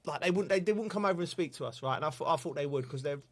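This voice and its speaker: A man, a football pundit and co-host telling stories in lively casual chat, laughing often and acting out exchanges. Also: a little high, racing. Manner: animated storyteller, laughs often, acts out exchanges.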